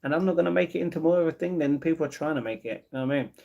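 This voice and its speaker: A man's voice: on the high side, racing, gravelly, muffled recording. A man hosting a casual livestream, reading viewer comments aloud and answering them with easygoing replies. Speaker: livestream host.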